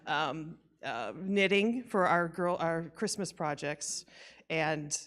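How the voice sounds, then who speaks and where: With a low-pitched, fairly bright voice, a woman takes her time giving an informal memorial tribute to her aunt at church. The eulogy is rambling and self-deprecating, punctuated by frequent laughter as she remembers her.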